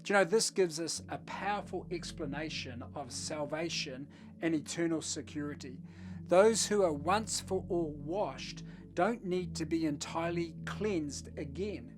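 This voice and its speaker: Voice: mid-range voice, unhurried, music in the background. A pastor giving a short devotional message in a conversational, storytelling manner.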